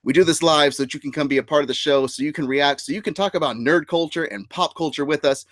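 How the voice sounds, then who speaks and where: A man's voice: a little high, quick pace, fairly bright tone, no echo. A man hosting a casual live-streamed nerd podcast, upbeat and chatty, laughing often and using fillers. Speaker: podcast host.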